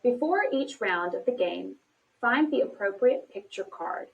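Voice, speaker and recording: A woman giving scripted narration for an instructional video, speaking slowly and clearly in an encouraging teacher manner. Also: a little high, expressive, phone-quality sound. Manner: slow, clearly paced, encouraging teacher talk. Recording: distant from the mic.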